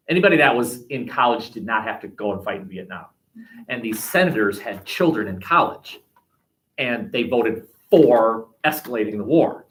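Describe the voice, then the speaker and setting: An American man leads a history class, his voice rising and falling with lively energy. He talks in a chatty, wandering way and often breaks off to restart a thought. He is picked up by a classroom webcam. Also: on the low side, moderate pace. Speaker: history teacher. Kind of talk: classroom discussion.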